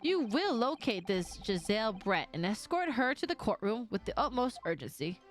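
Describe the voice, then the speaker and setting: A woman voicing a stern older male judge in a game read-aloud, with slow, formal pronouncements. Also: on the high side, very animated, soft background music. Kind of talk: reading a game aloud in character.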